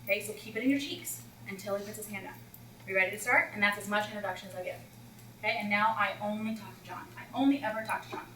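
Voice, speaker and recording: A woman math coach talking teachers through classroom routines in a chatty, animated way, acting out scenes with students. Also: medium pitch, quick pace, a little hiss or hum. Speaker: math instructional coach leading a teacher workshop. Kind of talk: presenting to teachers. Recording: roomy echo, far from the mic, faint ambience.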